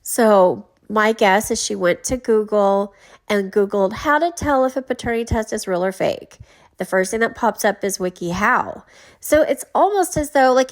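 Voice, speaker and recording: A chatty woman commentator with a slightly high voice, explaining things patiently and casually. She talks to her viewers directly and laughs easily.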